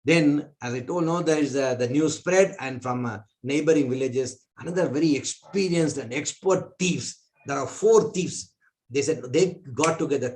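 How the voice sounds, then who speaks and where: Man, spiritual teacher, lively parable telling, slightly high pitch. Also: normal speed, slight background noise. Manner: animated, pitch jumping between voices. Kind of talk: storytelling in a spiritual class.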